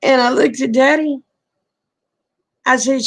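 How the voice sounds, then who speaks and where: A middle-aged woman, telling a folksy story in a casual, animated way and acting out the quoted dialogue. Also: high-pitched, a little slow, gravelly, long pauses. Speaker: vlogger telling stories.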